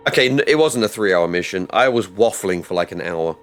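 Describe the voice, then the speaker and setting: A man streaming a game live, rambling casually and bursting out loudly when things go right. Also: deep voice, fairly quick. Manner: rambling and excitable, with loud outbursts. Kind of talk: casual live-stream chat while gaming.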